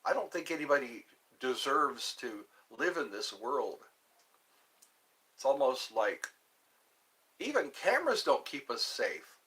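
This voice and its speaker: A man hosting a live stream alone, musing slowly and meandering while he answers viewer chat. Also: medium pitch, sing-song, bright, forceful tone. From United States.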